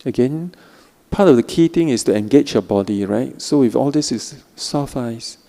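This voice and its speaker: A middle-aged man teaching a Buddhist meditation talk in a gentle, repetitive, reassuring way. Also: mid-range voice, moderate pace, creaky. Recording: long hall reverb.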